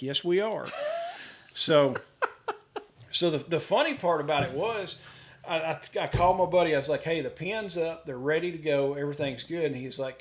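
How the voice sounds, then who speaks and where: A middle-aged man with a slightly raised voice tells casual, lively homestead stories. He keeps slipping into the voices of the people in them and laughs easily as he goes. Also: fairly high pitch. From Kentucky, US. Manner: animated, quotes people in dialogue, laughs often. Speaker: homesteader guest. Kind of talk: casual storytelling.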